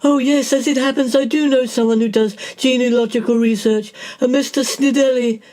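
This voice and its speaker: Brief: bubbly, excitable lady friend, as a performer puts her on, mid-pitched. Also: normal speed, natural voice. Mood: gushing. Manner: gushing, excitable. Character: jolly, gushing woman friend.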